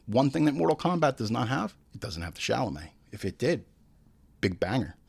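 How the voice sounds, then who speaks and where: A man's voice: mid-range voice, fairly quick, creaky, husky. Guy hosting a jokey commentary show, swears a lot, voice all over the place. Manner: animated, joking, swears freely. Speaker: host. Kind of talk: casual comedic commentary.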